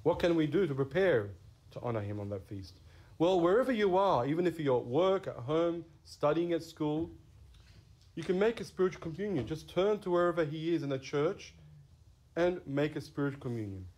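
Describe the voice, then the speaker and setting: Earnest man preaching a sermon, fairly high voice. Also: expressive, normal speed, darkish tone. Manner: earnest, stresses key words. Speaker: Catholic priest.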